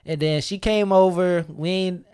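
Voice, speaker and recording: Slangy young man, smooth higher voice. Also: unhurried. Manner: slangy, animated storytelling, acts out quotes. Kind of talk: casual podcast chat.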